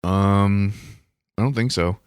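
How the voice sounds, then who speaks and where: A young man in a casual podcast chat, needling his friend with dry sarcasm. His voice is smooth and resonant. The recording is close and dry, with no room echo. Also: on the low side, slow. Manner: teasing, sarcastic. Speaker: podcast co-host.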